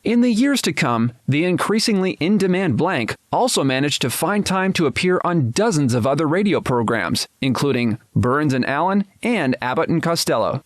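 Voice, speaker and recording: A man's voice: fairly high pitch, very animated, normal speed, few pauses, no echo, clean studio sound. A man narrating a documentary script in a playful, teasing way.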